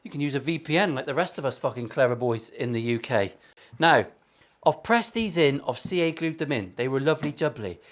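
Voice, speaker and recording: A man's voice: medium pitch, animated, a little fast. A man in his forties with an English West Country accent, a guitar maker chatting through a workshop build with cheeky, sweary, self-mocking banter. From England. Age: 40s. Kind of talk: casual workshop vlog.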